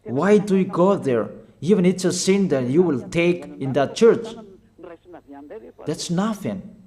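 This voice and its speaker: A man preaching a sermon in halting non-native English, urging his listeners with short, repeated commands and pausing on fillers. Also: a little high, animated, dark tone. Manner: emphatic, repetitive exhortation with short commanding phrases.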